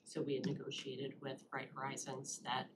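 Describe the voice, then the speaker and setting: A low-pitched woman answers a board's questions in a measured, explanatory way, pausing now and then on fillers. She is recorded in a public meeting room with steady background noise. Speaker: county staff presenter.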